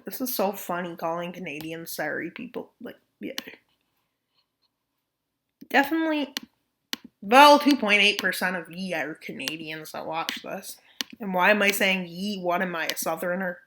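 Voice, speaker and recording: A woman's voice: lowish voice, animated, normal speed, pauses often, fairly bright tone, slight background noise. A woman narrating a map scenario video, with playful jokes and asides. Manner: joking asides, playful mock voices. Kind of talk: casual commentary over a map scenario.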